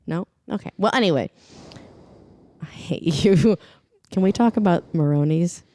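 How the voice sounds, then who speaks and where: A woman's voice: medium pitch, animated, normal speed, a little mellow, dry recording. A young adult woman co-hosting a podcast, a blunt, rambling storyteller who laughs often in casual chat. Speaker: podcast co-host.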